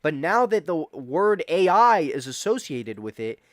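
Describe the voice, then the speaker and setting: A man's voice: a little high, very animated, unhurried, no room sound, clean studio sound. A man in his twenties streaming casual chat, rambling, swearing and repeating himself as he reacts to chat. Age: 20s.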